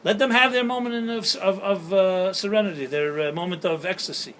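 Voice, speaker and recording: A man's voice: sits high, a little fast, a bit bright, slight background noise, rough recording. A man speaking as a rabbi, delivering a sermon-style talk outdoors, telling stories and jokes and asking the listeners questions. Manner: storytelling with jokes and rhetorical questions. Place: outdoors at sunset.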